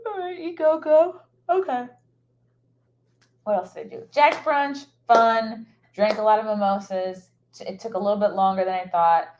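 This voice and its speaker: A woman's voice: mid-range voice, normal speed, darkish tone, a little hiss or hum. A woman comedian chatting casually on a live stream in a hotel room, rambling and scatterbrained with plenty of fillers. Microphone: microphone set up for streaming.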